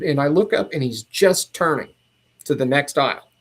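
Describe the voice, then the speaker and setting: A man who is a podcast guest, recounting a personal story in a casual, meandering and animated way. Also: fairly high pitch, normal speed.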